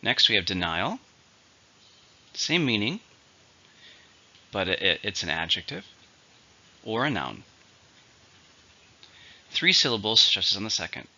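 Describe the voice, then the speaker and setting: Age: adult. Sex: man. Role: English teacher. Style: vocabulary lesson. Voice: bright, lively, lowish, on a dull lo-fi recording. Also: slow pace, pauses often. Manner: methodical, spells out syllables and stress.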